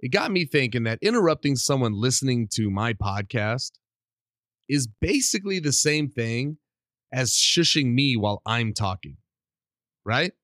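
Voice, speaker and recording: A middle-aged man hosting a casual solo podcast, rambling and animated while under the weather with a cough. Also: mid-range voice, unhurried, dry recording, studio quality. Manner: rambling, animated, self-deprecating. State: sick with a cough. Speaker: podcast host.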